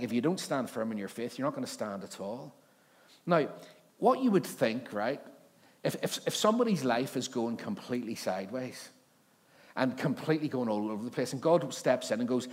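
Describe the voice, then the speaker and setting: Animated pastor preaching. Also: male voice, medium pitch. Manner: animated storytelling, acts out voices of God and a king. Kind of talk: sermon. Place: church hall.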